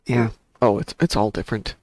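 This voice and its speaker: A man's voice: on the low side, a little fast, darkish tone, dry recording, low-quality recording. A man with a Midwest accent, hosting a game stream and telling stories in casual chat. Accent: American Midwest. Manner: chatty storyteller. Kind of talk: casual chat while gaming.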